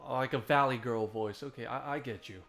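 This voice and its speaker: A man's voice: mid-range voice, fairly quick, a bit bright, soft background music. A man giving casual, profane, self-mocking commentary while playing a game. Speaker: let's play gamer.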